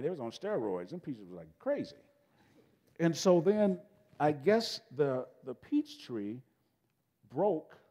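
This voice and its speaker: A middle-aged man, a guest speaker telling a homespun story to students in a folksy, animated way, often breaking off and restarting his sentences. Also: mid-range voice, slightly rough. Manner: folksy, animated, self-interrupting, casual grammar. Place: school event space. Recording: long hall reverb.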